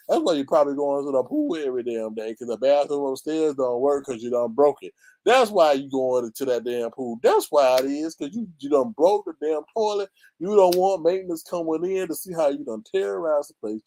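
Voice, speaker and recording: A man hosting a live stream, gossiping about online drama in a sassy, animated way with sudden high exclamations. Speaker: live-stream commentary host.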